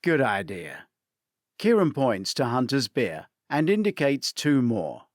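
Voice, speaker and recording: A man narrating a mystery story in a steady audiobook reading. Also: mid-range voice, a little slow, no echo, studio quality.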